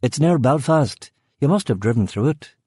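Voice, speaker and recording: A man's voice: mid-range voice, lively intonation, moderate pace, dark tone, husky, dry recording, clean studio sound. A man reading an audiobook, voicing a laconic hired ex-policeman with a Northern Irish accent.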